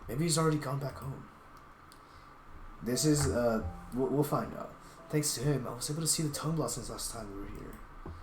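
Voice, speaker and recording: A man's voice: mid-range voice, normal speed, a little hiss or hum. Man earnestly reading a story game. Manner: earnest, reflective reading with small restarts. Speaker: game streamer. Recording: roomy echo with game music.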